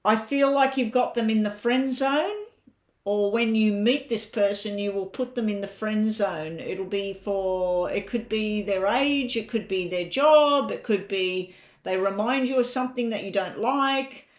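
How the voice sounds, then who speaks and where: A woman's voice: medium pitch, measured pace. Chatty Australian woman reading tarot. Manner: chatty, thinks aloud over the cards. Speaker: tarot reader. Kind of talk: live-stream tarot reading.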